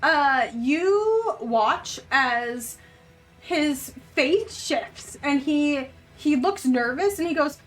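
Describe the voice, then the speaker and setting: A high-voiced woman runs a tabletop game as its game master. She narrates at an unhurried pace, filling pauses with ums. She gets bursts of excitement at good dice rolls.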